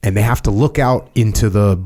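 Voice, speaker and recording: Low-voiced middle-aged male podcast host. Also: brisk. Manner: animated retelling, laughs often, reads a passage aloud. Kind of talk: casual conversational storytelling.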